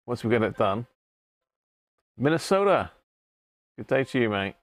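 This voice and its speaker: Hosting a relaxed livestream, this man speaks in a sing-song, medium-pitched voice at a measured pace, with no room sound. He talks with viewers, welcomes them by name, and laughs a lot.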